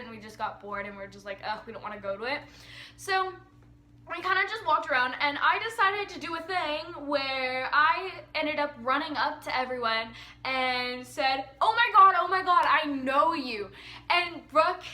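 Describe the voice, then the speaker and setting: A teenage girl vlogging casually, telling a story in an excitable, gushing way full of likes and ums. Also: sits high, echoey room.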